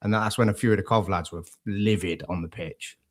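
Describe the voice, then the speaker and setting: Low-voiced chatty English football fan. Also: male voice, fairly quick. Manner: chatty, animated storytelling with quoted asides. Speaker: podcast co-host. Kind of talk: casual football chat.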